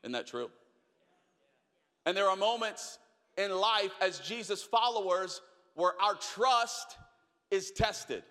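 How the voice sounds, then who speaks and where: A young man preaching a sermon, telling a story with acted-out voices, then dropping to quiet questions. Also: high-pitched, lively intonation, slow pace, pauses often. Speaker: pastor. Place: large church hall. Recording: long hall reverb.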